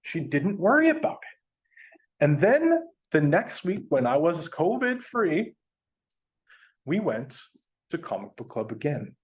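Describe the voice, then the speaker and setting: A man, a guest speaker telling a personal story in a chatty, animated way, laughing now and then. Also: on the high side, slow, long pauses. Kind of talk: storytelling presentation.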